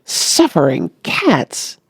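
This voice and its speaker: A narrator voicing an excitable, irritable wealthy older man who splutters his exclamations. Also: medium pitch, drawn-out words, breathy edge, no room sound, clean studio sound, heavily acted.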